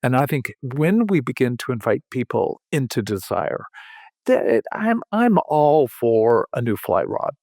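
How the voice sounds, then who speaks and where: Older man, slow halting reflective talk, dry close sound. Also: sing-song, a little mellow, dry recording. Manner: slow, halting, with restarts and sudden lifts in pitch. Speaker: podcast host. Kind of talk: reflective conversation.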